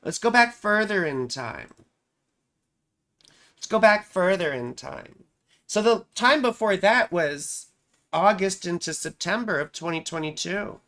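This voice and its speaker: A woman's voice: lowish voice, lively intonation, measured pace, a bit bright. A woman astrologer hosting a casual live stream. She talks in a chatty, self-amused way, often repeating her phrases and tossing in "right?".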